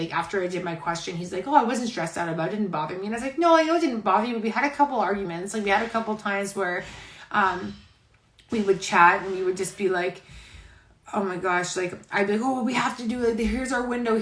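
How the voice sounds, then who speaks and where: A woman's voice: mid-range voice, a bit bright, echoey room, rough recording. A pregnant woman hosting a casual live-stream chat, rambling and heartfelt, saying "like" constantly. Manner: chatty, rambling, heavy use of "like"; heartfelt, near tears. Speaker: host. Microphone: phone live stream.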